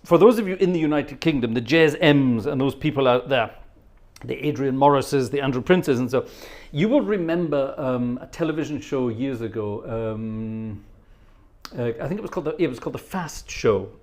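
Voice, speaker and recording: A man's voice: medium pitch, normal speed, a little mellow. Chatty middle-aged male organist telling stories. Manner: chatty storyteller who hums choir parts and mimics voices. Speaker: organist and choir director. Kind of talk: casual anecdotal chat during a live stream.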